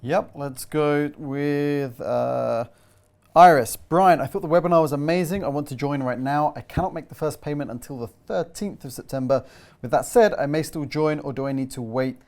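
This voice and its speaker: A man's voice: a little high, moderate pace, creaky, a little mellow. A man assisting on a webinar, reading viewer names and comments aloud in a plain, slightly hesitant way.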